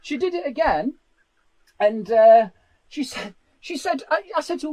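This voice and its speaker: A comedian host, chatting casually and reading out stories with plenty of laughter. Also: male voice, extremely high pitch, normal speed, no room sound, poor audio. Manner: animated, laughing storyteller.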